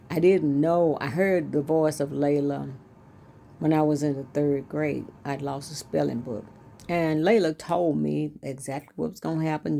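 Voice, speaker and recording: A woman's voice: deep voice, gravelly, dark tone. An older woman hosting her own show, telling stories from her life in a folksy, chatty way. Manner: folksy, chatty, repeats herself. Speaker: host and author. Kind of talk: casual storytelling monologue.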